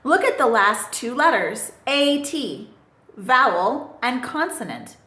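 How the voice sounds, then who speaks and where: A woman's voice: a little high, animated, slow, bright, forceful tone. A woman teaching English grammar in a recorded lesson, patiently spelling out letters and asking the listener questions. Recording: echoey room.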